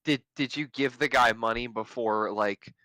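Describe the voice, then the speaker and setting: Man, bright tense voice, dry close sound, skeptical, questioning co-host. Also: mid-range voice, moderate pace, no room sound, rough recording. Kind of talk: casual chat.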